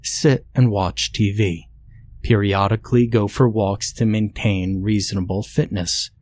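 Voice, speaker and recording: A man voicing a cold, controlling faceless entity, speaking in slow, flat commands in a scripted horror narration. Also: fairly low pitch, no room sound. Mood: cold commanding.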